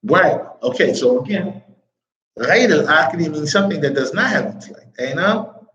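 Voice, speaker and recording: A man's voice: a little high, lively intonation, normal speed, a bit bright. Man, teacher, quizzing students, grammar lesson, muffled lo-fi recording. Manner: quizzing students with repeated "what?" prompts. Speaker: Arabic teacher. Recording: roomy, dull classroom recording.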